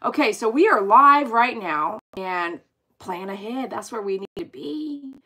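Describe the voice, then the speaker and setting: A woman chatting casually with viewers on her livestream, animated and exclaiming as she reads comments aloud. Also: a little high, a little slow, breathy edge. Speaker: dog groomer hosting a livestream.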